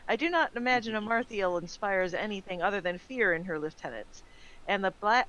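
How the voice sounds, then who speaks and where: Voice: medium pitch, a bit bright, lo-fi sound, lightly acted. A player reading a commander's orders from game quest text, with occasional stumbles. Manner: formal quest dialogue read aloud with stumbles.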